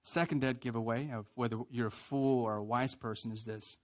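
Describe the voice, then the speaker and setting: A man preaching a sermon who leads his congregation in call and response and swings from quiet emphasis to loud prayers. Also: medium pitch, steady tone, a little fast. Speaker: pastor.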